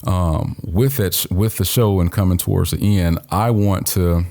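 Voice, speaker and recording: A man's voice: sits low, moderate pace, creaky, darkish tone. A man co-hosting a podcast in casual conversation, speaking earnestly and openly about his feelings. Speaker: podcast co-host.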